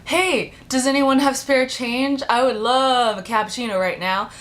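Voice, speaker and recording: A woman's voice: high-pitched, measured pace, voice pushed up. A woman voicing a tall, angry teenage girl bully who shoves people around and makes brash demands. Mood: demanding.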